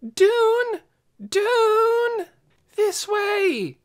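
A man voicing a young girl shouting across the fields. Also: extremely high pitch, big pitch swings, very slow, voice pushed up, heavily acted. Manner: shouting at the top of her lungs.

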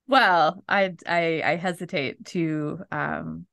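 A woman's voice: low voice, fairly even intonation, takes it slowly, vocal fry, a bit bright, no echo. Wry middle-aged woman, dry close sound. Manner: wry storyteller, self-deprecating. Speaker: podcast co-host, flutist. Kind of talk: casual chat.

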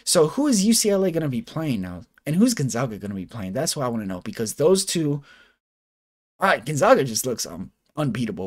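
A young man reacting to a basketball game in casual slang, talking over the highlights as host of his channel. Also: a little mellow. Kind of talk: excited reaction commentary.

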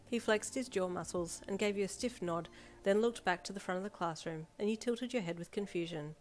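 A woman's voice: mid-range voice, fairly quick. A woman reading a fan story aloud in scripted narration. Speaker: fanfiction reader. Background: soft backing music.

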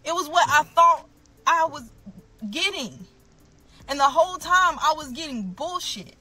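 A woman's voice: high voice, animated, measured pace, pushed and bright. A woman telling her own story to camera, blunt and emphatic, often calling out to her viewers.

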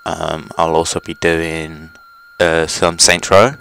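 Gravelly young man gaming. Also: extremely low pitch, flat delivery, takes it slowly, a bit bright. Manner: chatty, swears at enemies, rambling fillers. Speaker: gaming channel host. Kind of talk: casual let's play commentary. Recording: noisy home recording.

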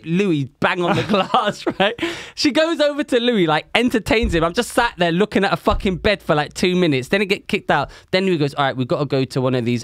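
A man's voice: fairly high pitch, a bit bright, dry recording, studio quality. A man telling a story on a casual podcast, laughing often and swearing freely. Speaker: podcast co-host. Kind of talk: casual chat.

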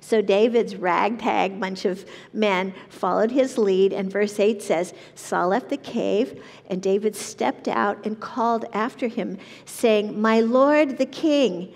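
A woman leading a Bible study, reading verses aloud and explaining them in an earnest, measured way. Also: mid-range voice, fairly even intonation, vocal fry, a little mellow, big-room sound. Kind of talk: reading and teaching scripture.

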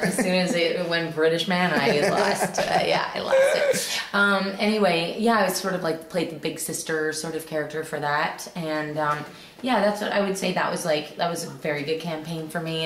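A woman's voice: low voice, steady tone, normal speed, fairly bright tone, reverberant, slight background noise. A woman voice actor chatting in an interview, with a youthful but not girly voice, laughing easily and talking in loose restarts. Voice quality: young-sounding voice, not girly. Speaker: voice actor guest. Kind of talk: casual interview chat.

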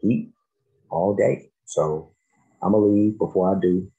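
A man's voice: low voice, takes it slowly, warm tone, dull audio. A man giving laid-back, slangy reaction commentary on a song. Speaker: music reaction host.

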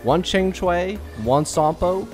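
A man's voice: sits high, slow pace, a little mellow, soft background music. A young man doing casual, self-mocking commentary while pulling on a gacha game, pleading and bargaining with it as he goes. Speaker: gaming YouTuber.

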